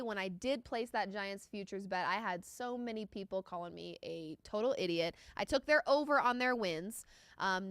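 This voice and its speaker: A woman's voice: medium pitch, fairly bright tone, no echo. Woman, young adult, sports stream host, emotional, groaning, dry studio mic. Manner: emotional, groaning and pleading over a losing bet. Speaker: sports betting show host. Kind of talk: live reaction stream. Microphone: studio microphone.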